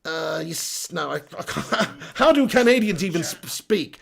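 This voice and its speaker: A man's voice: fairly high pitch, lively intonation, normal speed, gravelly, hardly any pauses, fairly bright tone. A man hosting a live stream, chatting casually and joking while reading out viewer comments. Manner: jokey, reads out chat messages.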